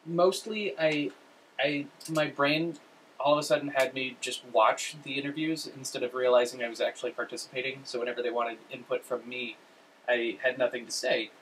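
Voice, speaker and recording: A man's voice: medium pitch, fairly even intonation, normal speed, a bit bright. A man co-hosting a casual chat, self-deprecating and hesitant, laughing a lot. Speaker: co-host. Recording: distant room mic with faint noise.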